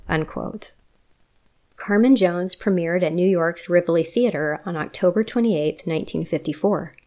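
A woman narrating a scripted film-history documentary in a measured storytelling manner. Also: lowish voice, darkish tone. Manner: measured storytelling, quoting sources.

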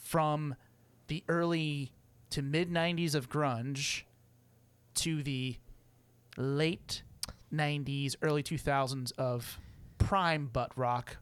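A man's voice: a little high, fairly even intonation, slow, clean tone, no room sound. A young man co-hosting a podcast, rambling playfully and laughing often in casual chat. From United States. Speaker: podcast co-host.

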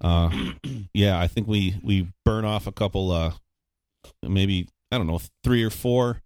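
A man's voice: deep voice, a little slow, a little mellow, dry recording. Chatty, opinionated Midwestern man. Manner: chatty and opinionated, with clears of the throat. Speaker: podcast co-host. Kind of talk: casual beer-tasting chat.

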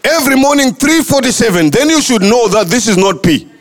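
A man's voice: very high-pitched, animated, a little fast. A man preaching a sermon as pastor, impassioned and sing-song, often repeating his words. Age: adult, married.

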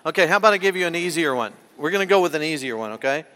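Playful pastor, echoing church hall. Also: male voice, a little high, expressive, very fast, bright, forceful tone. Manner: playful, coaxing, full of questions to children. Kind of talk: children's sermon. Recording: long echo of a large hall.

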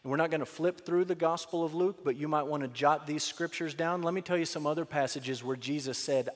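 A man's voice: on the high side, brisk, hardly any pauses, in a large hall. A man preaching a sermon as a pastor, telling a story with emphasis and dropping to an earnest tone for key points.

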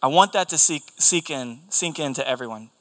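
Young male preacher, earnest and emphatic; bright, forceful tone. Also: medium pitch, animated, normal speed. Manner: earnest, emphatic, repeats key phrases. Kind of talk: sermon.

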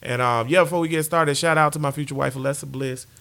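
A man's voice: on the high side, steady tone, quick pace, creaky, a bit bright. A man co-hosting a casual sports podcast, talking in a hype, playful, joking way. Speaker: podcast co-host.

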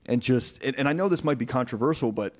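A man's voice: mid-range voice, quick pace. A man, a podcast guest who is new to church, speaking candidly and bluntly in casual conversation, arguing his points with everyday analogies. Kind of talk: casual interview chat.

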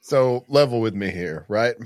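A man's voice: fairly low pitch, animated, moderate pace, a little mellow. Jokey man podcast co-host. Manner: jokey, laughs a lot, swears casually. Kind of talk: casual podcast chat.

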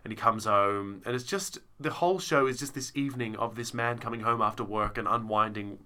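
A man's voice: fairly low pitch, brisk, sharp tone. A man co-hosting a podcast, chatting casually and rambling with lots of fillers as he recounts a show he saw. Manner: rambling, self-interrupting with many fillers. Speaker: podcast co-host. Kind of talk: casual chat reviewing a show.

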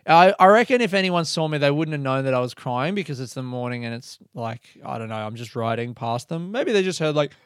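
A young man talks through a story on his own podcast, rambling and cursing freely as he mocks himself. His voice is smooth and clear at a middling pitch. The sound is close and dry. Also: lively intonation, a little fast, hardly any pauses, no echo. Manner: rambling, swears freely, self-mocking. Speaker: podcast host. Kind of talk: casual storytelling monologue.

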